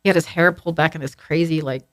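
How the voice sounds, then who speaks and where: A woman speaks as a podcast guest, recounting events candidly in a somewhat low voice and often restarting as she searches for words. The sound is close and dry, with no room echo. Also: steady tone, fast talker. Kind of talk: casual interview conversation.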